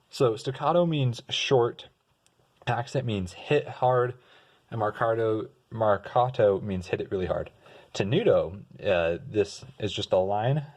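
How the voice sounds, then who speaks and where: Relaxed young male tutor with a somewhat low voice, hums examples while explaining. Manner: relaxed, sings example notes and restarts words. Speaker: music tutor. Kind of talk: casual explanatory lesson.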